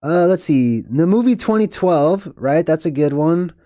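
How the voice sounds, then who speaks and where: A young man hosts a casual live stream and rambles as he reads the chat, often laughing at himself. His voice sits a little high and sounds mellow. It is recorded close and dry at a desk. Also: expressive, a little slow, no room sound.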